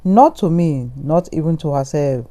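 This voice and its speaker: A man tells a first-person horror story in a steady, brooding narration. His voice is mellow and dark, with no brightness to it. The delivery is even and measured. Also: fairly high pitch.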